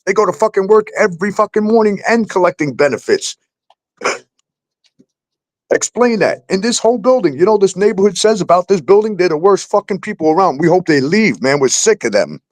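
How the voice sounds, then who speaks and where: A man's voice: high-pitched, animated, moderate pace, no echo. A man hosting a talk show, ranting heatedly and swearing constantly about landlords and the police. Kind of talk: angry profane rant.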